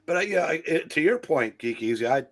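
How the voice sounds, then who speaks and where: Gravelly-voiced wry man. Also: a little high, animated, a little fast, fairly bright tone. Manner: wry, self-deprecating storyteller. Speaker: co-host on a comics livestream. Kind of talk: casual livestream chat.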